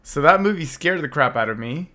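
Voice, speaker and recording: A man in his thirties co-hosting a podcast, talking casually while hoarse and losing his voice, clearing his throat often. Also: fairly high pitch, lively intonation, a little fast, sharp tone. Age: 30s. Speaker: podcast co-host. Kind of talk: casual chat.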